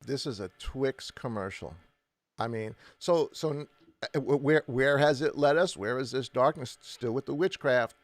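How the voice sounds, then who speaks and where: A man's voice: medium pitch, unhurried, no room sound. A man co-hosting a casual church talk show, speaking emphatically with frequent restarts and repeated words. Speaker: church podcast co-host. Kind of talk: casual faith discussion.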